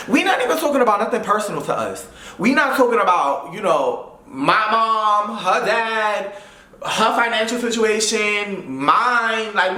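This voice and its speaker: A young man from Brooklyn, telling a storytime vlog in an animated way and mimicking the people in it. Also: high-pitched, roomy sound. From Brooklyn, New York. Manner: animated, mimics voices, says blah blah. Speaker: YouTuber. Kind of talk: storytime while getting ready.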